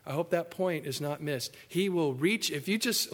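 A man's voice: fairly high pitch, normal speed, hardly any pauses. Emphatic man preaching a sermon. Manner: emphatic, wide swings between loud and soft. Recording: echoey hall.

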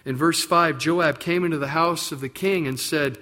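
A man's voice: on the high side, moderate pace, few pauses, sharp tone. A man preaching a sermon in a conversational way, with personal asides and repeated phrases. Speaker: pastor.

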